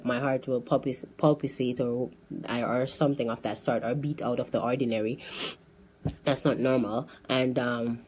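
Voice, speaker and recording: A woman with a bass voice gives a personal testimony, telling it with lively energy. Sentences often get restarted, and she acts out what other people said.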